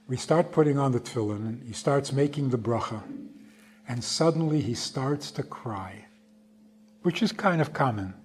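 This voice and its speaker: A man, a rabbi, giving a storytelling talk, speaking slowly and emphatically and acting out the quoted voices. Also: medium pitch, animated, darkish tone, husky. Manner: slow, emphatic, acts out quotes. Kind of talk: storytelling lecture.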